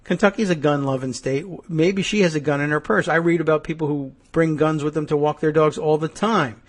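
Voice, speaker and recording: A man's voice: a little high, fairly even intonation, fairly quick. A man hosting a talk show, riffing sarcastically through a news story in comedic commentary. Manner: sarcastic, riffing, slipping into mock voices. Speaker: radio talk show host.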